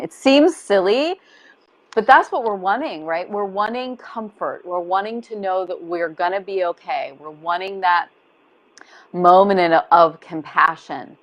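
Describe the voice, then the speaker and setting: A woman coach with a lowish voice talks over a video call. She is expressive and compassionate, and now and then slips into soft, soothing inner voices as she explains. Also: unhurried. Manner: warm, expressive, acts out gentle inner voices. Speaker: body-image coach and guest. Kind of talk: casual interview talk.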